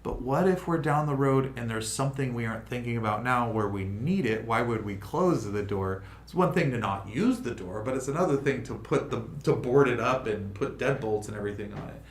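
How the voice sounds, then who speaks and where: A man hosting a casual livestream chat, talking in an animated, rambling way full of restarts. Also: medium pitch, brisk, hardly any pauses. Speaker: crypto project host. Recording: roomy room with faint noise.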